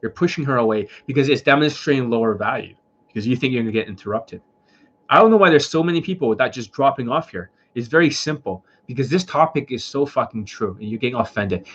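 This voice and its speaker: A dating coach lectures his audience in a blunt, profane rant and hammers the same points over and over. His voice is a little husky and sits at an ordinary pitch for a man. The stream sounds muffled and lo-fi. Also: fairly bright tone. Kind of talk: casual livestream rant.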